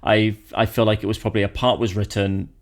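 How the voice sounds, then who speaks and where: A man from Britain chatting as a podcast co-host in a slightly low voice. He gets animated and rambling, tripping over and restarting his sentences as he goes. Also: fast talker. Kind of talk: casual chat.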